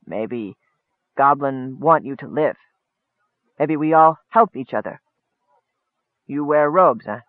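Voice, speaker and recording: A man's voice: mid-range voice, expressive, takes it slowly, long pauses, no room sound. A man voicing a sly male goblin who speaks in broken, knowing sentences, heard over a tinny phone-like line.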